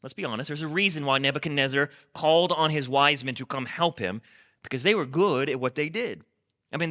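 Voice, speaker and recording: Bright-voiced male pastor preaching. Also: fairly high pitch. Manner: conversational preaching with repeated words and rhetorical questions. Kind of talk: sermon.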